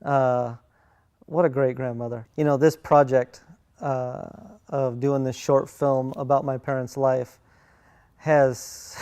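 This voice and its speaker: Middle-aged man, smooth resonant voice, soft-spoken and halting, personal storytelling. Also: medium pitch, level tone. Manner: halting, many fillers and restarts, soft-spoken. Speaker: son telling family stories.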